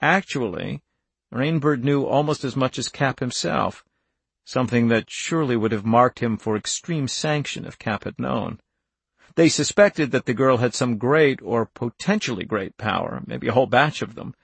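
A man narrates an audiobook in a steady, measured way. His voice has a gravelly texture, and the recording is close and dry with no room sound. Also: medium pitch, no room sound.

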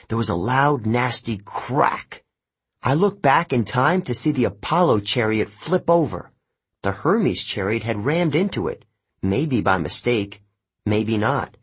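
A man reading a first-person adventure novel aloud, lively storytelling that jumps up for shouted lines. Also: mid-range voice, husky. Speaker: audiobook narrator. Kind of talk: scripted narration of a novel.

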